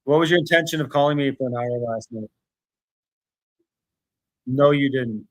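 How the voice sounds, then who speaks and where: A man's voice: mid-range voice, fast, fairly bright tone. A man arguing over the phone, exasperated and repetitive, swearing as he insists on what happened. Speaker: streamer. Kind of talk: heated one-sided phone argument.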